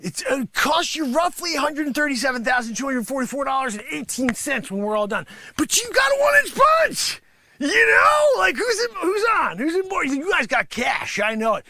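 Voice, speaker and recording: A man's voice: very high voice, sing-song, brisk, hardly any pauses, pushed and bright, raised voice, full character voice. A man voicing a boastful, greedy male karate sensei in an improvised comic bit, scolding and bragging at his students. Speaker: livestream musician host.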